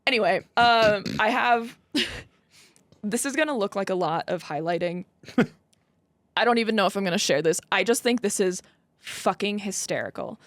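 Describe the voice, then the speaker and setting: A woman's voice: medium pitch, animated, normal speed, long pauses, no room sound. A woman co-hosting a podcast, telling the story in a chatty, giggly way with lots of fillers. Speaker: podcast co-host. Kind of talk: casual chat.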